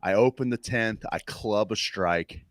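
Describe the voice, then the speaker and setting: A man co-hosting a loose comedy podcast, teasing his friend with animated energy and swearing freely. His voice sits fairly low. The room sounds dry and close. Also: unhurried, no room sound. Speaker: podcast co-host. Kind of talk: casual chat.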